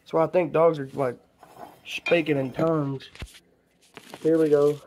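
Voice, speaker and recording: A man's voice: on the high side, flat delivery, unhurried, a little mellow, a little hiss or hum, lightly acted. An actor playing a rambling, conspiracy-minded man, talking in a preachy, stumbling comedy monologue. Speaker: comedy vlog character.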